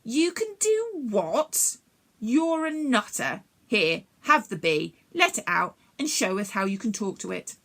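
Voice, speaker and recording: A woman's voice: fairly high pitch, big pitch swings, a bit bright, heavily acted. Woman doing sneering schoolboy bullies. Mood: mocking. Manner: sneering and mocking, slow and drawn out.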